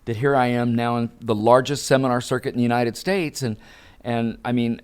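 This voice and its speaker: Older guy spinning a lively story on a podcast, acts out the voices, swoops high. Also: a little fast, clean tone. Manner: animated storyteller, acts out dialogue. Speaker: guest, professional speaker. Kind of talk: storytelling interview.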